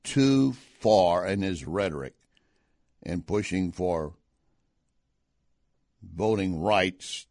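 A man's voice: deep voice, extremely slow, long pauses, a little mellow, dry recording, clean studio sound. Emphatic man hosting talk radio. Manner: conversational, emphatic, rising on key points. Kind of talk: political commentary.

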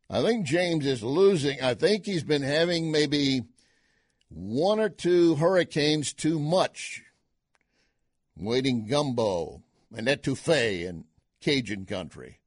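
A man hosts political talk radio in a folksy, sarcastic way, often scoffing. His pitch moves around lively. The sound is dry and close with no room echo. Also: slow. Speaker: radio talk show host.

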